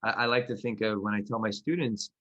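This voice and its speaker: A man co-hosting a podcast, chatting casually and rambling with many restarts, laughing at himself, then leading a gentle grounding practice. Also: on the low side, fast, dull audio. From Philadelphia. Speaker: podcast co-host and class teacher.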